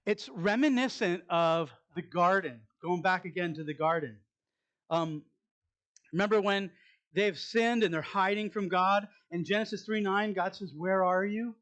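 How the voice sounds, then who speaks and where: A man preaching a conversational sermon as pastor, asking the congregation questions and dropping into soft asides. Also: high voice, a little slow. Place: church sanctuary.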